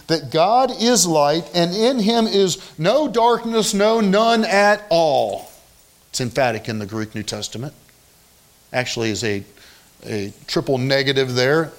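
A man preaching a sermon, emphatic and repetitive, swinging from raised declarations to hushed, soft lines. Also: fairly high pitch, animated, unhurried. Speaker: pastor.

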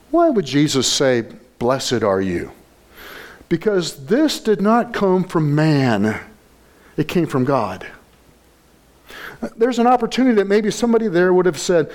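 A man preaching a sermon, emphatic and repetitive, building to forceful peaks. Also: a little high, big pitch swings, measured pace. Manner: emphatic preaching, repeats key phrases, rising to loud peaks. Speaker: pastor.

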